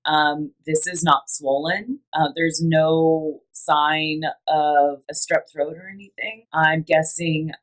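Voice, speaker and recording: Hoarse, low-voiced woman half-whispering. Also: fairly even intonation, takes it slowly, hardly any pauses, low-quality recording. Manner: chatty and rambling, with laughs and restarts. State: lost her voice, hoarse and partly whispering. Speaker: life coach giving an astrology report. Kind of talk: casual solo video talk.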